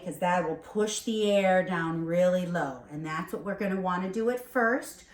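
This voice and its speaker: A woman teaching a beginner singing lesson, explaining and demonstrating warm-ups, checking in with a frequent "okay?". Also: mid-range voice. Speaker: vocal coach. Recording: echoey room.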